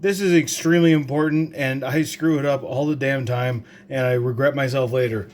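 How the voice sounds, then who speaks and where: A man's voice: medium pitch, steady tone, moderate pace, a little mellow, slight background noise. A young man from Canada, talking through a home cooking demonstration in a rambling, joking, profane way full of fillers. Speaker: home cook vlogger. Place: home kitchen.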